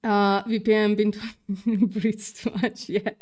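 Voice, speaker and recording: Her mid-range voice is level, slow, and a little mellow as she reads news on her livestream. The host stumbles over words, tosses in sarcastic, profane commentary, and has a mixed accent with a partly British tinge.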